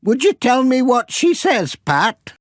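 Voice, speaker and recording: Kindly fussy old country granny, done by a guy reading a kids' story, way up high and lively. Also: takes it slowly, no room sound, clean studio sound, exaggerated voice. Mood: pleased.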